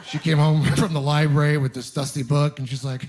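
A man's voice: a little high, level tone, brisk, darkish tone. A man doing a stand-up comedy set, telling stories in a wry, self-mocking way and firing off rhetorical questions.

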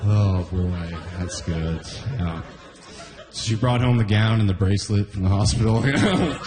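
A young male comedian from Canada works through a stand-up set with a fairly low voice, often laughing at his own lines. The sound is roomy, like a club stage. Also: moderate pace, crowd noise. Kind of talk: stand-up routine.

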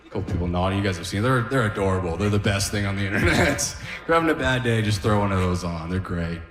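Male comic, thirties, dry low delivery, echoey club mic. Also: quick pace, faint music behind. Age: 30s. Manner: laid-back deadpan delivery with chuckles. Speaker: stand-up comedian. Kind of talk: stand-up comedy set. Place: club stage at an open mic.

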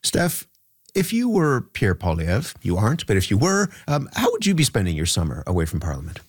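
Male host, very low pitch, conversational questioner, dry close sound. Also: wildly swooping pitch, a little fast, slightly rough, dry recording. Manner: conversational, poses questions to panelists by name. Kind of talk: moderating a political panel.

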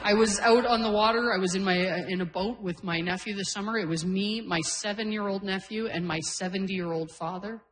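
A woman's voice: mid-range voice, steady tone, brisk, hardly any pauses, rough recording. A woman in her forties from Canada performing a stand-up comedy set, telling brash, self-deprecating stories. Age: 40s. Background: audience laughter.

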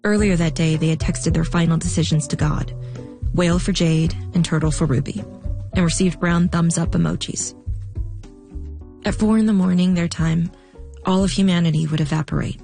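A woman reading a story aloud in a calm, unhurried storybook narration. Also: fairly low pitch, vocal fry, faint music behind.

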